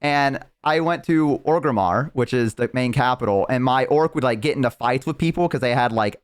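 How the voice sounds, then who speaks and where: A man's voice: medium pitch, normal speed, clean tone. A young man streaming, telling a long story in casual, rambling, profane chat full of "like". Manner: rambling, profane, heavy use of "like".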